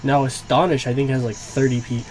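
This young gaming YouTuber talks fairly quickly in a flat, medium-pitched voice that is a little mellow. He gives reactive live commentary on his gameplay, swearing and groaning in frustration whenever things go badly, over faint game music.

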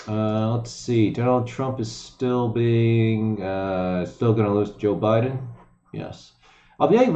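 Streaming from home over a desk microphone, a man with a mellow, lowish voice reads the news aloud and rants at it, swearing plenty and muttering asides. It's casual, profane live-stream commentary, and the echoey room gives the audio a slightly dull, lo-fi quality.

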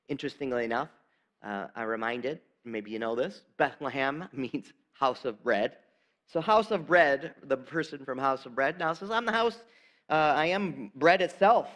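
A male pastor giving a sermon in a church, talking conversationally and dropping to soft, emphatic lines. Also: mid-range voice. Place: church sanctuary.

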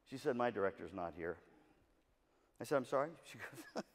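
A man's voice: mid-range voice, normal speed, creaky, pauses often. A man giving a motivational talk to music directors, telling a story and acting out the voices in it, with jokes to the audience. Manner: animated storyteller, acts out quotes, jokes with audience. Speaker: keynote speaker at music educators' session. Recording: long hall reverb.

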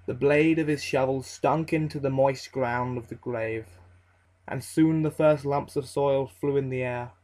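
A man reading a horror story aloud as its narrator, in a slow, measured and ominous delivery. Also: medium pitch, steady tone, a little mellow, poor audio.

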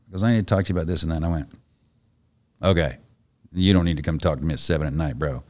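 Middle-aged retired soldier, deep-voiced, talking bluntly and profanely as a podcast guest. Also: male voice, very fast, long pauses, a little mellow. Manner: blunt, profane, acts out the voices in his stories. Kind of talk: casual storytelling.

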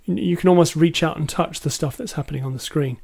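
Hesitant, enthusiastic male podcaster, higher voice. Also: quick pace, creaky, a little mellow, husky. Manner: hesitant, many ums, enthusiastic. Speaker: podcast co-host. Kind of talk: casual film discussion.

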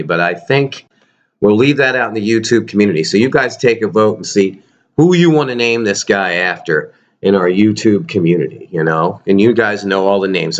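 A man's voice: on the low side, dull audio. A man vlogging casually to his viewers about his toy collection, rambling and joking. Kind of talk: casual chat to camera.

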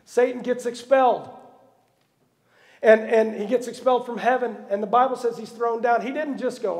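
A man preaching a sermon as pastor, telling Bible stories with humorous asides and a lively storytelling manner. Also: very high-pitched, normal speed, vocal fry, long reverb tail. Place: church sanctuary.

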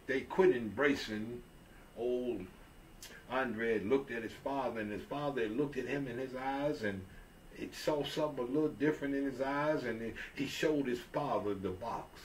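Man, folksy Christian storyteller, mid pitch, a bit far from the mic, faint room noise. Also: moderate pace. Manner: folksy, repeats himself, raises his voice when quoting characters.

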